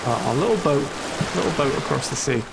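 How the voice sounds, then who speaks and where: A man's voice: mid-range voice, lively intonation, fast talker, gravelly, heavy background noise. A Welsh man from Wales streaming a game, rambling and joking in casual commentary. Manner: rambling, jokey banter. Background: game music.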